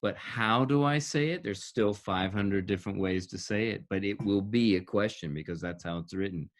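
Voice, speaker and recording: Explaining his approach to teaching in an interview, a man who directs and coaches actors speaks emphatically, repeats key words, and laughs between thoughts. He has a lowish voice and a moderate pace.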